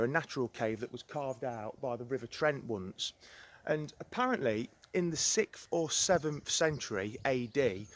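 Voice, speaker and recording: Man, casual rambling tour talk, outdoors, handheld camera, mid pitch. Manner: chatty, rambling, curious. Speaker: local history vlogger. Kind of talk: casual walking tour narration. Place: outdoors on a woodland trail and in caves.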